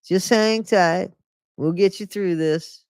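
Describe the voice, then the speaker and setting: A reader voicing a calm father who reassures his daughter in a slow, steady, soothing way. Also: mid-range voice, clean tone, no echo.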